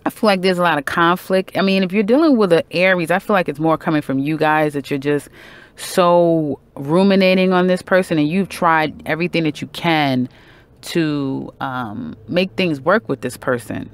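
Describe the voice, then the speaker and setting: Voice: mid-range voice, moderate pace. A tarot reader giving a casual monthly horoscope reading, chatty and emphatic, with many fillers, self-corrections and "okay?" check-ins to the viewer.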